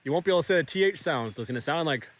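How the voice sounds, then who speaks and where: A man's voice: a little high, animated, rapid-fire. A man demonstrating how to do an accent in an explanatory, step-by-step way. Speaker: accent instructor. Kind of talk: instructional tutorial.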